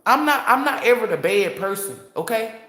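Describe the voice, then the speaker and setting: A woman's voice: on the high side, sing-song, moderate pace, a bit bright. A woman tarot reader talking straight to her viewers in a blunt, profane, fired-up unscripted monologue. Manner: blunt, profane, fired-up storytelling with rhetorical asides. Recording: roomy echo.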